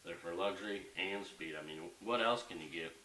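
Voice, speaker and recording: A man's voice: low voice, brisk, sharp tone. A young man ranting in a casual home vlog, heated and profane, rambling as he goes. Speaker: vlogger. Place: bedroom at home. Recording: echoey room, mic at a distance, faint hiss.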